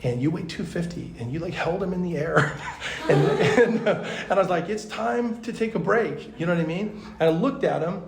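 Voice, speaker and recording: Gravelly pastor in an echoey hall. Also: male voice, a little high, brisk, few pauses. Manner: conversational, animated storyteller with fillers. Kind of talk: conference teaching with storytelling. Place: large conference hall.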